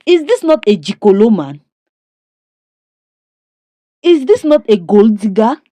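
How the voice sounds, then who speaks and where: A woman's voice: a little high, sing-song, measured pace, dark tone, no echo. A woman recapping a comedy series in a dramatic, judgmental storytelling way, full of rhetorical questions.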